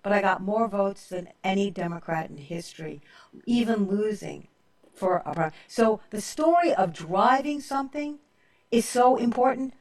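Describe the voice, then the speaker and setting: A woman's voice: mid-range voice, expressive, normal speed, darkish tone, recorded from a distance. Emphatic older woman host, off-mic. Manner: emphatic storyteller, keeps adding "okay?". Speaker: radio talk show host. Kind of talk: casual political talk.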